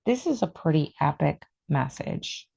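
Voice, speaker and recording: A woman reads tarot cards in a slow, drawn-out way, growing excited and emotional as she goes. Her voice is low, dark and gravelly with a lot of fry. The recording sounds a little dull and lo-fi. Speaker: tarot reader. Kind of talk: tarot reading video.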